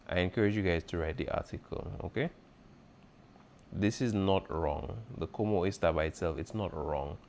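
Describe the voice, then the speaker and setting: A man's voice: low-pitched, darkish tone, a little hiss or hum. A man as a teacher going over an exam review, patiently repeating key points and checking in with his students. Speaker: Spanish teacher.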